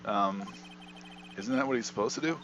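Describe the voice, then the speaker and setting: A man's voice: medium pitch, normal speed, a bit bright, dull audio, a little hiss or hum, lightly acted. A man voicing a bewildered young male lawyer in a fan voice-over of a game, with a dry, puzzled delivery.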